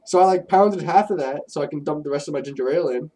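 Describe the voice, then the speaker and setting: A young man, co-hosting a podcast and telling crude, animated stories in casual chat, a bit far from the mic. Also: fairly high pitch, quick pace. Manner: profane, animated storytelling. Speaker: podcast co-host.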